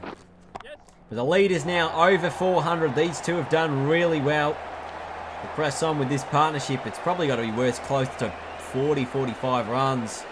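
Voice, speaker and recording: A man doing play-by-play commentary on a cricket video game, chatty and excitable, jumping up at big moments and correcting himself as he goes. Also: on the high side, unhurried, a crowd in the background, noisy background.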